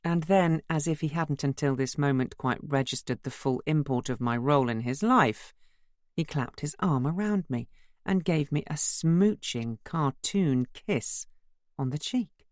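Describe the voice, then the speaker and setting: A woman reads a novel aloud in the first person, with a low voice. Her narration moves lively up and down. The sound is close and dry. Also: unhurried, dry recording. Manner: expressive first-person storytelling. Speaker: audiobook narrator. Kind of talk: scripted narration.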